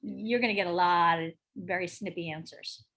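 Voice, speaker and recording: A woman teaching a class in a brisk, emphatic, chatty way, often asking the group questions. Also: on the low side, steady tone, fairly bright tone. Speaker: real estate instructor. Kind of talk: casual teaching talk to a class.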